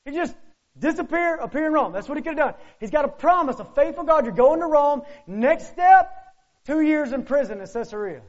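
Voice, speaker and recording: A pastor preaching a sermon, firing off rhetorical questions and swinging between loud, urgent lines and hushed ones. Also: male voice, very high-pitched, expressive, fairly quick. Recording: muffled lo-fi sermon recording.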